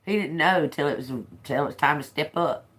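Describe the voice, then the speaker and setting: A woman's voice: sits low, fairly quick. A woman doing a casual tarot reading, telling stories animatedly and swearing freely. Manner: animated storytelling, frequent laughter, profane. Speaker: tarot reader.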